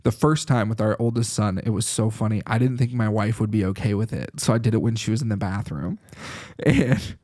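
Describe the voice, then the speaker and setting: A man who is a chiropractor, a guest on a podcast, telling lively stories in casual conversation and laughing often. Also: fairly low pitch, brisk. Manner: lively anecdotal storytelling with frequent laughs.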